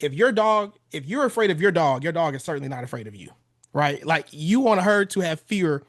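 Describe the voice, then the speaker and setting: A fairly high-voiced man in his thirties coaches husbands in a podcast interview, blunt and casual, with a loose tongue that swears freely. His voice is dry and close, with no room sound around it. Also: big pitch swings, brisk, no echo. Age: 30s. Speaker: relationship coach.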